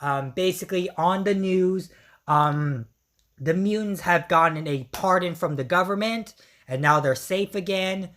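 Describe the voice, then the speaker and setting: A woman reviewer gushes through a casual episode recap, full of fillers and slang. Her voice sits fairly low and sounds strained from yelling. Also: measured pace. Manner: excitable, many fillers and slang.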